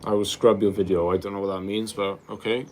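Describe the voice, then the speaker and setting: Young man, low voice, rambling. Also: little pitch movement, quick pace, slight background noise. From Wales. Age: 20s. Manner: loose and rambling, calls people bro, many fillers. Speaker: livestream host. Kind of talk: casual chat answering live viewer questions.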